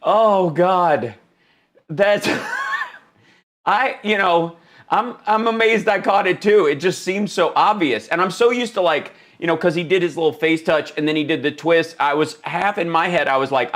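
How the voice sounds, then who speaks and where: A man's voice: fairly high pitch, moderate pace, fairly bright tone. A man hosting a live stream, giving comic political commentary in an exclaiming, mock-incredulous way. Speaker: livestream host.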